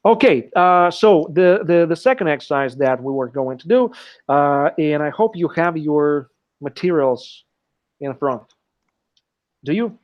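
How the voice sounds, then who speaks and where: A man's voice: a little high, expressive, measured pace. A man teaching an English class live online, explaining step by step and checking in often with "okay", heard through a computer mic on a video call. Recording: dull lo-fi online call audio.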